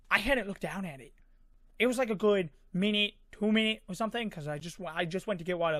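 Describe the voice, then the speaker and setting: High-voiced man rambling through a story. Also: quick pace, sharp tone, no room sound, studio quality. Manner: rambling, filler-heavy, sound effects. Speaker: vlogger. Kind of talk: casual storytelling.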